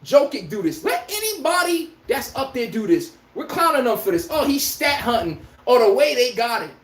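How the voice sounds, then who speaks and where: A man's voice: very high voice, sing-song, moderate pace, a little hiss or hum. A man hosting a podcast, delivering a heated, profane sports rant with an incredulous tone. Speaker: podcast host. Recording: echoey room.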